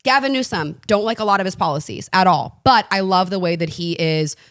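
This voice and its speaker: A woman talking as a podcast guest in casual chat, blunt and animated, swearing freely and laughing often. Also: on the low side, fairly quick, no echo, clean studio sound. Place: Los Angeles.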